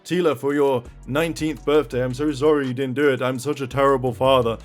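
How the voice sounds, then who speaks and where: A man's voice: medium pitch, fairly even intonation, fairly quick, faint music behind, close to an everyday voice. A man doing a groveling, apologetic man.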